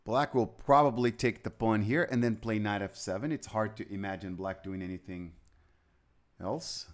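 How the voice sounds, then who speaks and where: A man's voice: on the low side, normal speed. A man giving live chess commentary, rambling and chatty, with anecdotes between moves.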